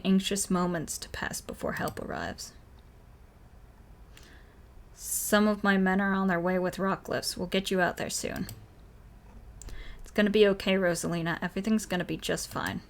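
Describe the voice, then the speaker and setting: A woman's voice: on the low side, steady tone, moderate pace. Woman streamer reading a horror game aloud. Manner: reads all characters in her own voice, reacting between lines. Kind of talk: reading game dialogue aloud with own reactions.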